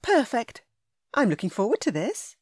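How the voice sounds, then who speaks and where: A woman's voice: a little high, very animated, fairly quick, a little mellow, dry recording, clean studio sound, voice pushed up. A woman voicing a teasing young lady. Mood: playful. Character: lively, teasing young lady, witty and affectionate.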